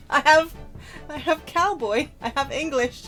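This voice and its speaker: A woman's voice: high voice, a little slow, a bit bright, faint music behind. A woman co-hosting a gaming stream, chatting casually and teasing with playful banter. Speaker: streamer co-host.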